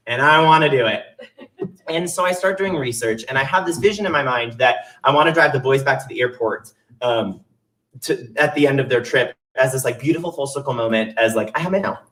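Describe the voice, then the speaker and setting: Recorded from a distance, this solo stage performer is a young man with a mid-range, fairly bright voice. He mocks himself in a chatty way while recounting a funny personal story, part of a monologue that mixes storytelling and songs.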